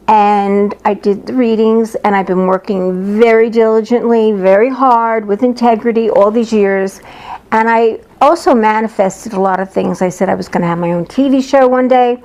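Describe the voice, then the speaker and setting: A woman's voice: medium pitch, fairly even intonation, normal speed, darkish tone. A woman psychic telling stories about her work in a lighthearted, blunt manner, acting out the voices of the people she quotes. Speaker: psychic medium. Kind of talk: casual storytelling monologue.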